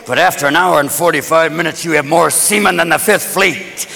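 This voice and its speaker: A man doing stand-up comedy, loud and rowdy with frequent shouting. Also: a little high, fairly quick, vocal fry. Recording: live crowd with background noise.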